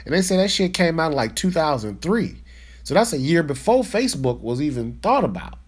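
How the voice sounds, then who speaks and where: A man's voice: fairly high pitch, big pitch swings, a little fast. A man hosting a podcast, ranting in a fired-up, profane, slangy way in a casual monologue. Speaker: podcast host.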